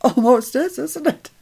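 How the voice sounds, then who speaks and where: A woman's voice: high-pitched, creaky, darkish tone. A woman hosting a live crafting stream, chatty and self-mocking, often laughing at herself.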